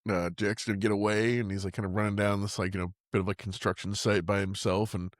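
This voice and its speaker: Male co-host, relaxed swearing film chat, fairly low voice, dry close sound. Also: fast talker, no echo. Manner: laid-back, profane, filler-heavy. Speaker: podcast co-host. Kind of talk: casual movie recap chat.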